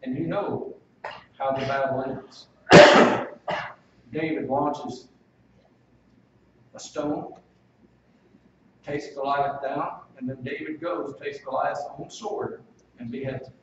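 A man's voice: medium pitch, fairly even intonation, slow, pauses often, noisy background. A male pastor preaching a sermon in an emphatic, folksy manner, heard from a distance in a church. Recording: echoey, dull, distant room recording.

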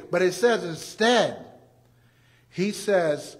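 High-voiced, animated male preacher. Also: unhurried. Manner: animated, acts out everyday scenes; repeats key phrases for emphasis. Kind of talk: sermon.

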